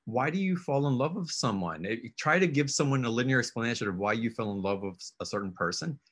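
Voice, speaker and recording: A man's voice: medium pitch, animated, a little fast, fairly bright tone, husky. A man hosting a casual conversation, encouraging his guest and coaxing her with questions. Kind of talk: casual spiritual coaching chat.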